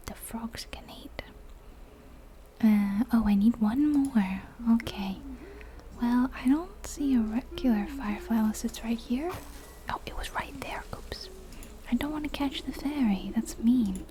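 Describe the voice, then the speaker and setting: Soft-whispering woman ASMR gamer. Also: fairly high pitch, measured pace, a little hiss or hum. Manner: soft, giggly, chatty. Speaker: ASMR game streamer. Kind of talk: whispered role-play.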